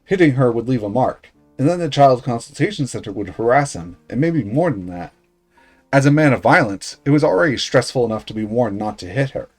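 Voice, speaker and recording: A male streamer reads a visual novel aloud for his audience, stopping now and then for casual asides. His pitch moves a lot as he reads, lively and animated. Quiet music runs in the background. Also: a little fast.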